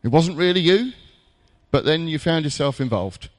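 A man preaching a jokey, conversational sermon in a church, with dramatic pauses. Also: fairly high pitch, expressive, in a large hall.

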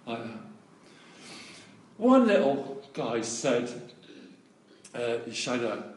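A man preaching, telling a testimony story with animated delivery and acted-out voices. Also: medium pitch, slow pace, pauses often. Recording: echoey room, voice from a distance.

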